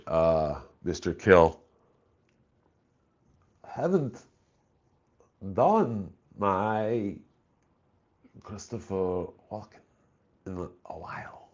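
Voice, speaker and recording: A man's voice: low-pitched, animated, slow, long pauses, darkish tone, dull audio. A man chatting casually on a live stream, laid-back and profane, reading chat messages aloud.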